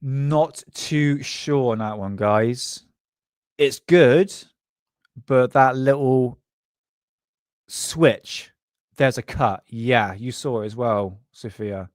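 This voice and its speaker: An English man hosts a live UFO show, his mid-range voice very slow in a dry, clean studio recording. He rambles and laughs, reacting to clips and talking loosely with chat in a casual live-stream.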